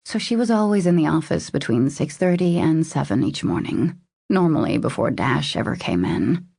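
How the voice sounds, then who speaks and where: Woman narrating an audiobook, deep husky voice, dry close sound. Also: sing-song, moderate pace, warm tone, no room sound. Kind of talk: scripted narration.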